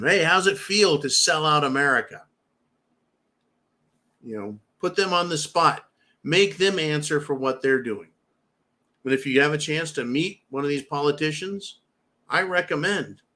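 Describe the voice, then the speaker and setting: A man's voice: fairly high pitch, pushed and bright. A man in his fifties hosting a preparedness channel, talking straight to his viewers in a blunt, fired-up monologue and swearing freely. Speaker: prepper channel host. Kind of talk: opinionated monologue.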